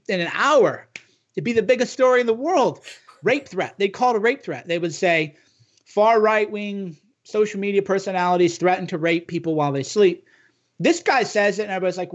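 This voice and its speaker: A man's voice: high-pitched, husky, dull audio. A man in earnest, casual political chat who talks emphatically and often restarts his sentences.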